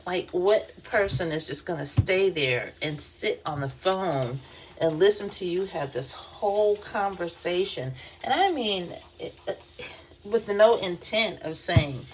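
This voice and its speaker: A woman's voice: on the low side, lively intonation, measured pace, a little hiss or hum. A woman vlogger, telling a work story in a casual, chatty way, with lots of fillers and laughs. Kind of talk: casual storytelling while doing her hair.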